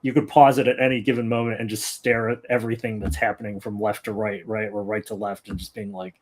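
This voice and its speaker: A man co-hosting a casual film-review podcast, chatty and animated, acting out his reactions in quoted asides. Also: fairly low pitch, fast. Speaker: podcast co-host.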